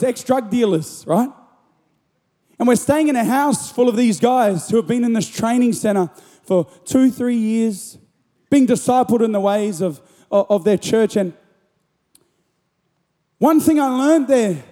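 A young man preaching a sermon in a church hall, animated and rising to shouts on key lines. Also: very high-pitched, measured pace. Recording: long hall reverb.

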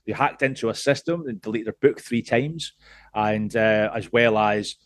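Podcast guest, man, late 30s, from Scotland; lowish, dry, close-miked, rambling and sweary. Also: moderate pace, dry recording. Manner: rambling, swears freely, many restarts. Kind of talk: casual podcast chat.

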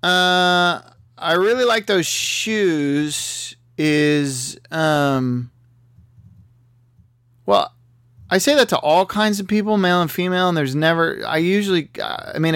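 A man giving a comedic, rambling monologue as a vlogger, talking in a dry, halting way with many fillers and restarts. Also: on the high side, a bit bright, clear, resonant tone, dry recording. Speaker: vlogger answering a magazine quiz.

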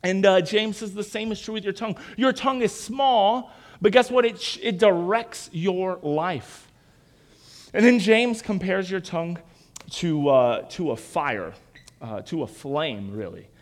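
A man's voice: high-pitched, a little slow. A young man preaching a sermon, telling stories and acting out quoted lines with animation. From Virginia, United States. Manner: animated storytelling, acts out quotes. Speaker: pastor.

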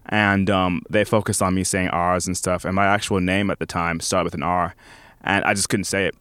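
A man's voice: sits low, little pitch movement, normal speed, fairly bright tone, clean tone, dry recording, studio quality. A man in his thirties with a British-sounding American accent and unusual R sounds, chatting loosely as an interview guest. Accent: American with British-sounding speech. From United States, grew up in Orlando. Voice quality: unusual R sounds from a childhood speech impediment. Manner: rambling, filler-heavy, laughs easily. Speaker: guest, band member. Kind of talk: casual interview chat.

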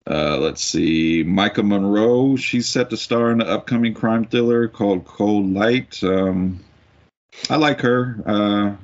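A man co-hosting a podcast, reading news in a rambling, halting casual way. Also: on the low side. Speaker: podcast co-host. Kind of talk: casual chat. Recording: muffled lo-fi audio.

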